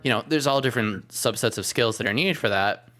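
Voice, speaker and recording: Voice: medium pitch, a little fast, a bit bright, faint music behind. A podcast host chatting casually on a livestream, rambling with lots of fillers and the odd swear word.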